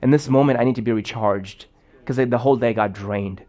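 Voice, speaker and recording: A man's voice: mid-range voice, a little fast, warm tone. A young man preaching a sermon in a casual, storytelling way, full of fillers and restarts. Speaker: pastor.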